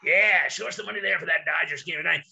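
A man's voice: a little high, fast, creaky, bright, forceful tone, lo-fi sound. A man hosting a parody sports betting show, crude and laughing, with over-the-top hype in his delivery.

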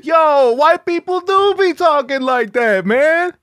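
A man voicing an excited young male audience member who talks in loud, amazed street slang. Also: very high-pitched, slow pace, dry recording, clean studio sound, pitched above the performer's own voice, full character voice.

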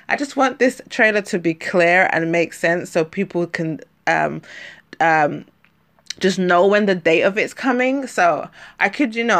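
This podcast host is a woman from London, England, speaking at a medium pitch with a fairly bright tone. Her London accent carries a slight lisp as she chats her way through a solo episode, full of fillers and self-corrections.

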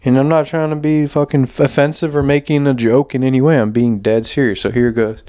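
A man's voice: mid-range voice, little pitch movement, a little fast, warm tone, clear, resonant tone. A young man hosting a podcast, talking in a loose, rambling monologue full of swearing and fillers. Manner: rambling, profane, heavy on "like" and "man". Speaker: podcast host. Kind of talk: casual monologue.

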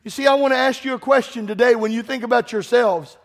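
Talking fast in a very high-pitched voice, a pastor grows impassioned in his church sermon, rising to shouts. He fires direct questions at the congregation.

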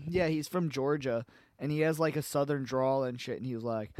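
A man's voice: mid-range voice, steady tone, moderate pace, a little mellow, dry recording, clean studio sound. A man co-hosting a podcast in casual, crude chat, joking and laughing often with many fillers. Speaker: podcast co-host.

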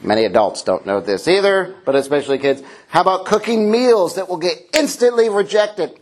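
A middle-aged pastor gives a humorous sermon in a church, his voice sitting a touch high for a man. He is playful and now and then acts out a child's shouts. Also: expressive, brisk, few pauses.

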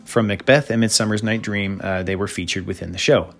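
A man's voice: on the low side, steady tone, fairly quick, gravelly. Rambling man in a casual monologue. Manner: rambling with asides and fillers. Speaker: host.

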